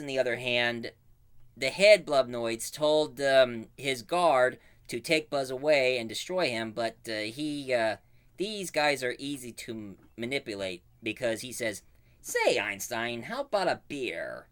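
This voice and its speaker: A man casually retelling a cartoon plot as a reviewer, with animated storytelling full of fillers. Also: medium pitch, a little slow, smooth.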